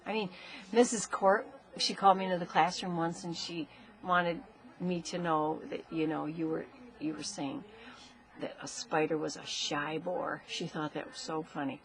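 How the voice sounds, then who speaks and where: A woman, a mother, telling her grown child stories about him as a baby in a casual home video, animated and often laughing. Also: low-pitched, moderate pace, a little hiss or hum.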